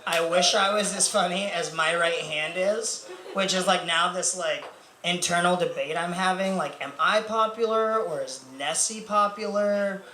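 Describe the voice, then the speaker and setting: In an echoey club with faint noise behind him, a young comic rambles through his set, mocking himself and leaning on fillers. His voice is high-pitched and his pace a bit slow.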